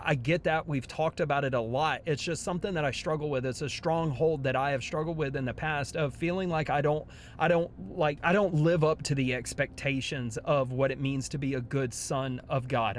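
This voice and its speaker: A man's voice: a little high, a little hiss or hum. A young man, a father, talking earnestly about faith in a personal devotional vlog, often restarting his sentences. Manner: earnest, heartfelt, with frequent restarts. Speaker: christian vlogger.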